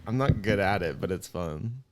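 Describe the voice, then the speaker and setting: A man's voice: sits low, lively intonation, moderate pace. A man co-hosting a podcast in casual, joking banter, laughing often. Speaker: podcast co-host. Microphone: studio podcast mic with headphones.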